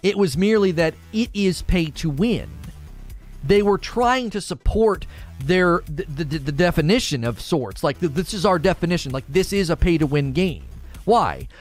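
A man's voice: a little high, lively intonation, moderate pace, soft background music. A man arguing and talking through a live stream, full of rhetorical questions.

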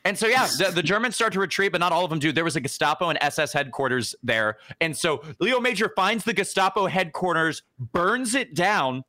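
A young man with a high, lively voice, bright and sharp in tone, telling a history story on a casual podcast. He is excitable and quick to laugh, and the sound is close and dry. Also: no room sound. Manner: excitable, laughing, acts out quotes. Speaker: podcast co-host, history segment.

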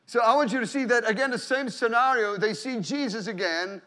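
A man with a high, light voice preaching a sermon. He talks to the congregation in an easy, conversational way, doubling back on words as he goes, and now and then he lifts into loud exclamations of praise. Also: a little fast. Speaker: pastor.

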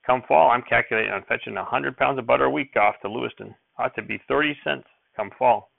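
A man voicing an excitable, cranky old rural grandfather who talks in folksy dialect and repeats his exclamations. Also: mid-range voice, fairly quick, creaky, no room sound, phone-quality sound. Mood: jovial.

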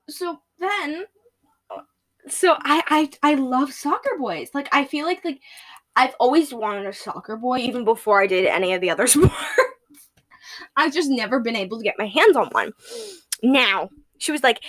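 A woman's voice: high-pitched, expressive, a little slow, pauses often, a bit bright. A teenage girl hosting a solo podcast, chatting casually and gushing, often laughing at her own jokes. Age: teens. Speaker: podcast host.

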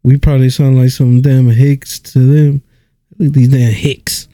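Podcast co-host, man, very dark mellow voice, jokey and laughing, dry close mic. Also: mid-range voice, flat delivery, measured pace, no room sound. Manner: joking, laughs often, swears. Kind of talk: casual chat.

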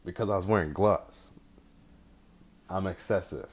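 A man's voice: fairly low pitch, expressive, fairly quick, pauses often, darkish tone. A man hosting a podcast solo in a casual, rambling way, with loose slang and frequent swearing. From California. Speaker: podcast host.

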